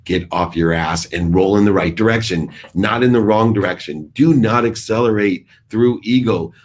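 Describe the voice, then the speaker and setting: Low husky man giving a motivational talk. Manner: emphatic, preachy, repetitive phrasing. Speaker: motivational speaker.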